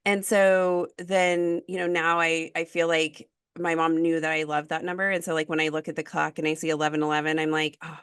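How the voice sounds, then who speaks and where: Low-voiced woman podcast host. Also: flat delivery, fairly quick, few pauses, a bit bright, smooth, no room sound, clean studio sound. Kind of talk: podcast conversation.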